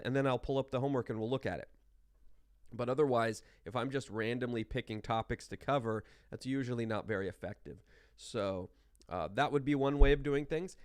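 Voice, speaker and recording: A man's voice: mid-range voice, clean tone, no echo, clean studio sound. A man teaching a math class in an informal, explaining way, holding back a cough while chewing gum. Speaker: math instructor. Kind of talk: class lecture.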